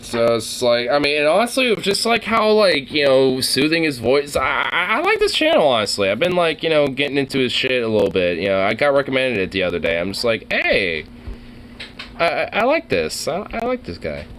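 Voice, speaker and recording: A man's voice: medium pitch, huge pitch swings, fairly quick, a bit bright, slight background noise. A man casually reacting to videos, rambling, joking crudely and laughing often.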